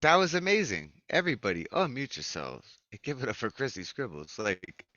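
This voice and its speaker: A man's voice: medium pitch, huge pitch swings, fairly quick, sharp tone, dry recording, lo-fi sound. Gushing, profane male open mic host. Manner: effusive, swears a lot, filler 'like'. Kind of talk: casual chat. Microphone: video call.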